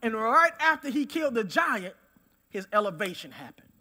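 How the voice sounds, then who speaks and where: A male preacher with an unusually high and very bright, piercing voice. He hammers his points with repeated phrases and moves between loud declarations and near-hushed asides, in full sermon delivery. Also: very animated, normal speed.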